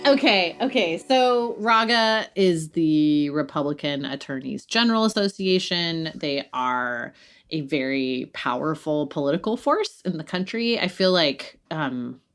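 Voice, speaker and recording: A woman's voice: sits low, animated, a little slow. A woman podcast co-host doing a casual, joking host-read ad and laughing often.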